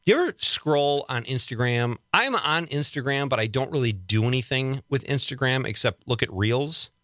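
A man's voice: mid-range voice, animated, moderate pace, fairly bright tone, no room sound, studio quality. A man hosting a radio talk show, chatting casually and joking, laughing often between remarks. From Wisconsin.

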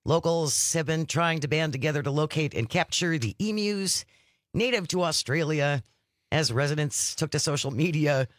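Man, radio co-host, slightly high voice, dry joking delivery, dead studio sound. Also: normal speed, dry recording. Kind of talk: casual radio chat.

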